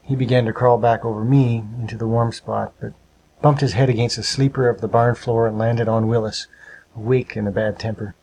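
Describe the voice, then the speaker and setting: Husky man reading a storybook. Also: medium pitch, fairly even intonation, brisk, a little mellow, poor audio. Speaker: narrator.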